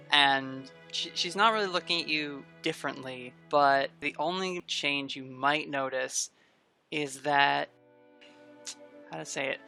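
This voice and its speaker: A woman narrating as game master of a tabletop game, in a relaxed, chatty way. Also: sits low, gravelly. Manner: relaxed, chatty narration with quick voiced asides.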